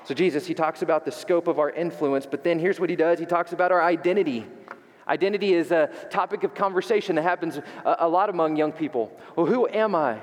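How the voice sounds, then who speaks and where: A man's voice: on the high side, fairly quick, big-room sound. A man preaching a sermon as pastor, emphatic and fond of repeating rhetorical questions, in a church sanctuary.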